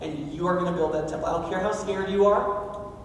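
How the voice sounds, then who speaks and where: A man's voice: high voice, fairly even intonation, a little fast, a little hiss or hum. A man preaching a sermon as pastor of a church, in a casual, joking, conversational way. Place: church sanctuary. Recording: echoey hall from far off.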